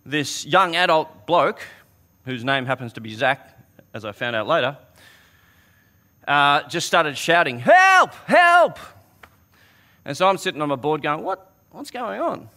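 A man's voice: on the high side, moderate pace, pauses often, pushed and bright. A man preaching a sermon, earnest and conversational, often restarting his words as he tells a story.

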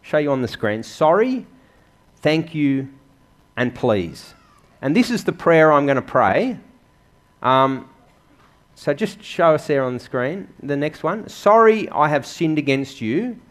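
A man's voice: a little high, sing-song, slow, pauses often. A man preaching a sermon in a church, earnest and conversational, asking the congregation questions. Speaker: pastor.

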